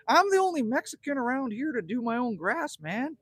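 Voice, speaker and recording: Chatty Canadian man, husky lively voice. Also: very high-pitched, brisk, few pauses, no room sound. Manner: chatty, joking, greets viewers by name. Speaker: livestream host. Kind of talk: casual livestream chat reading comments. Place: outdoors at a cabin.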